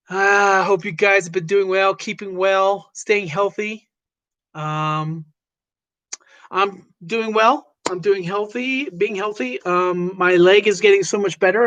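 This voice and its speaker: A woman's voice: mid-range voice, fairly bright tone. A woman hosting a casual livestream chat who greets viewers by name and rambles with lots of fillers. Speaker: livestream host.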